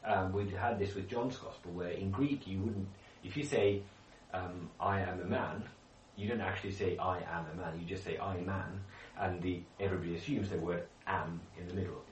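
Deep-voiced man teaching a Bible study. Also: steady tone, normal speed, few pauses, slight background noise. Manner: explains with questions to the group, many restarts. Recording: echoey room, speaker far from mic.

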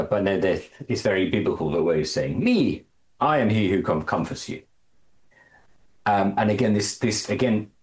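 A man leading a Bible study, explaining a passage in a halting way, often repeating words and lifting his voice on quotations. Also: a little mellow. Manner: halting, repeats words, stresses phrases with rising pitch. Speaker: Bible teacher.

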